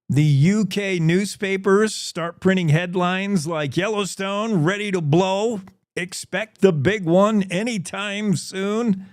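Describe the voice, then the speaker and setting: A man's voice: a little high, darkish tone, no room sound, clean studio sound. A man hosting a news show, joking and rambling with comic asides. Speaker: show host. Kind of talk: casual news commentary.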